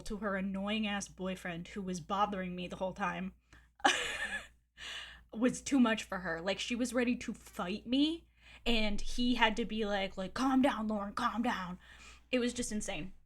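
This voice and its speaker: A woman streamer casually tells a gossipy story, candidly swearing often and laughing as she rambles with fillers. Her mid-range voice is expressive and a bit bright, moving at a measured pace.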